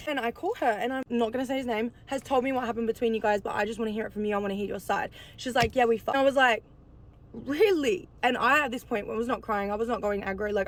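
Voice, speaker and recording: A woman casually telling a personal story in a chatty storytime, full of fillers and swearing. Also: a little high. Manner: rapid, chatty, peppered with "like" and swearing. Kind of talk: casual storytime while getting ready.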